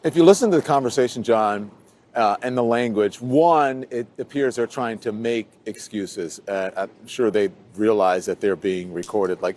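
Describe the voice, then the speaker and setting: A man's voice: on the low side, unhurried, darkish tone. A man commenting on a cable news panel, conversational and hesitant, with many fillers.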